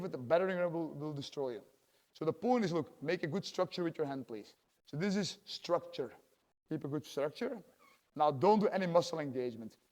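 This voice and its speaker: A man's voice: on the high side, darkish tone, big-room sound. A man teaching a jiu-jitsu class, a chatty coach who peppers his points with "yeah?" and acts out little exchanges with students. His first language is Dutch. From Belgium. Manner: talkative, tags lines with "yeah?", acts out quotes. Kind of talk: teaching a class, casual explanation.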